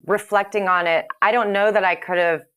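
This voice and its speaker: A woman, a podcast guest, recounting a personal story in an earnest, halting way, with many fillers and restarts. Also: medium pitch, fairly even intonation, fairly bright tone, clear, resonant tone.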